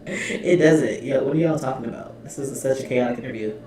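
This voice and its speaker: A man hosting a casual reaction video, animated and laughing often, swearing freely as he retells an interview. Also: medium pitch, a little fast. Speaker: reaction channel host. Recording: echoey room, far from the mic, faint noise.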